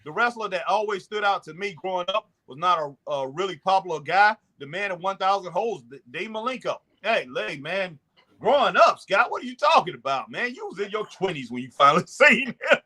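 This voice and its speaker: A man's voice: high voice, animated, fairly quick, pushed and bright. A man hosting a casual talk show, chatting and repeating himself as he goes. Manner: chatty, repeats himself, drops into mimicking voices. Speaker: show host. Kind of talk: casual chat.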